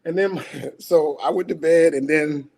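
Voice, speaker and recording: A man's voice: fairly high pitch, fairly even intonation, a little slow, a little mellow, a little hiss or hum. A grieving man speaking as a guest on a talk show, raw and emotional, swinging between laughter and anger. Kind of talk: livestream talk show conversation.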